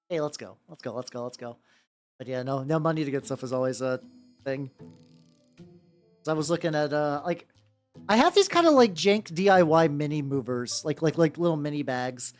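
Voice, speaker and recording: A woman's voice: deep voice, animated, moderate pace, pauses often, darkish tone, soft background music. A young woman streaming and chatting casually while she paints, rambling with lots of "like" and self-interruptions.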